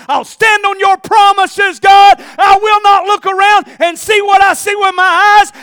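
A male preacher plays a young king who stands alone and prays in a hushed, earnest voice. Unusually high for a man and bright, recorded dry and close. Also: no echo, exaggerated voice. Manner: hushed prayer rising to shouted declaration. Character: embattled young king praying alone, trusting.

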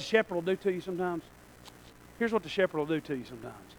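A male pastor preaching a sermon in a church, swinging between shouted lines and quiet asides. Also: fairly high pitch, sing-song, fast, low-quality recording.

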